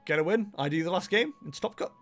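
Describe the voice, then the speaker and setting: A young man talks casually to his stream, his voice a touch high and swinging widely up and down. He laughs a lot and pokes fun at himself, with faint music playing underneath. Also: animated, fast talker, a bit bright. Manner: chatty, laughs often, self-mocking. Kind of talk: casual livestream chat while playing.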